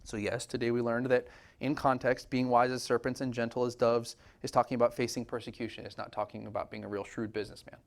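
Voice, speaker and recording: A man's voice: mid-range voice, little pitch movement, quick pace, few pauses. A man preaching a sermon in a casual, conversational way, often asking "right?" and laughing lightly. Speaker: pastor.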